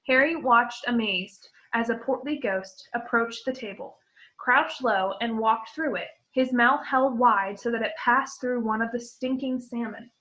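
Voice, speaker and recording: A woman teacher reading a storybook aloud to children, expressive and clear. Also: on the high side, unhurried, lo-fi sound.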